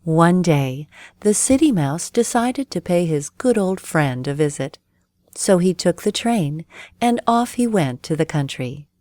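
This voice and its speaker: A woman narrating a bedtime storybook, slow and clear. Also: lowish voice, animated, warm tone, no room sound, clean studio sound.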